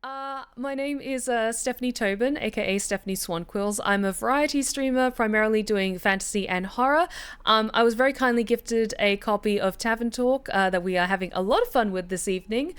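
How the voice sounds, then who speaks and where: Woman, game streamer, cheerful, filler-heavy chat, mid-high voice. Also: brisk, clear, resonant tone. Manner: upbeat, grateful, lots of fillers and laughs. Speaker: streamer and voice actor. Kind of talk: casual livestream chat. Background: background music.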